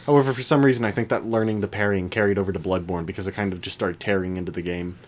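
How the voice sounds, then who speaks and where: A man's voice: low voice, steady tone, rapid-fire, slight background noise. Laid-back young man chatting and laughing. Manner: laughs often, puts on voices when quoting. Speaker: podcast co-host. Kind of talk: casual chat.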